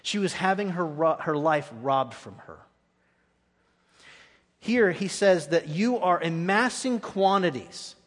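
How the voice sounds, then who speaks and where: Guy preaching a sermon, kinda high voice, big hall reverb, earnest and intense. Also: animated, slow pace. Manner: earnest, dropping to quiet intensity at key moments. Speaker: guest preacher. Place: church sanctuary. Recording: long echoey hall reverb.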